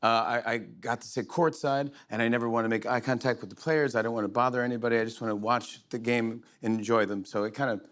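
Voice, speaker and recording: A middle-aged man hosting a late-night show, telling a rambling, excited story full of restarts and fillers. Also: medium pitch, fast talker, few pauses. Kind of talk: monologue, storytelling chat. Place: TV studio with live audience.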